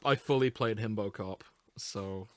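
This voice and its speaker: A man's voice: lowish voice, unhurried, no echo. A man co-hosting a podcast in casual chat, playful and crude, laughing often. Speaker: podcast co-host.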